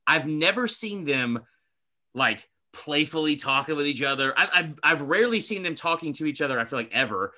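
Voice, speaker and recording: A young man co-hosting a sports podcast, talking in an animated, casual way with frequent swearing and laughter. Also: a little high, fairly quick. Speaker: podcast co-host. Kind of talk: casual chat.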